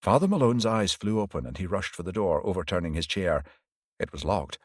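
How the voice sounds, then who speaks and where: A man narrating an audiobook in an even, measured reading style. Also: low-pitched, husky, no echo, studio quality. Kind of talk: scripted narration.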